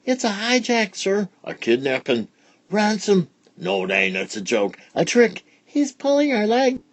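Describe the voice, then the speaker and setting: A bunch of noisy young schoolchildren whine and squabble in high, squeaky voices, as a man reading the story puts them on. Their chatter jumps all over the place in pitch and stays excitable. It is a lively read-aloud storybook. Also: a little slow, heavily acted.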